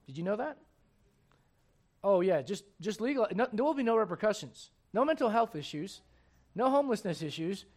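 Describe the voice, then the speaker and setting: A man's voice: high-pitched, very animated, moderate pace, a little mellow. A man preaching a sermon, emphatic and full of questions to the congregation, reading scripture aloud in old-fashioned wording. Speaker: pastor.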